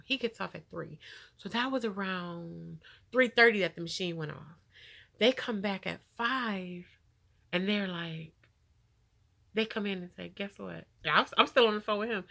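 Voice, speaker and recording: A woman telling her own story to camera in a casual, animated way, laughing often and growing emotional, with features. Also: mid-range voice, moderate pace, gravelly.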